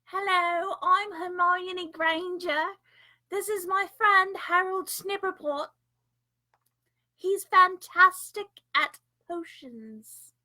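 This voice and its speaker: A woman's voice: very high-pitched, slow pace, bright, forceful tone, pitched above the performer's own voice, full character voice, rough recording. Hermione Granger, a woman putting on a prim schoolgirl witch.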